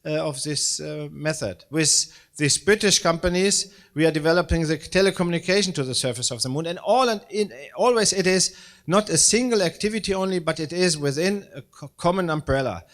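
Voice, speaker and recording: This sixty-something German space agency director has a fairly high, fairly bright voice as he gives a live public talk in English with a German accent. He sounds hesitant and modest about himself, often restarting and using many fillers.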